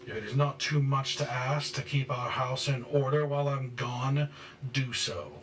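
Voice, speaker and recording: A man voicing a stern, zealous high priest and father who berates people loudly and slowly in a tabletop game. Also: reverberant, far from the mic, exaggerated voice. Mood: angry berating. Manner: loud, slow and berating.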